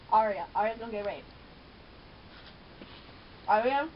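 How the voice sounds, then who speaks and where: A young woman watching a TV show and reacting loudly, profane and brash, shouting at the screen. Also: a little high, brisk, pauses often. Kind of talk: loud casual reaction commentary. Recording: dull lo-fi webcam audio with faint hiss.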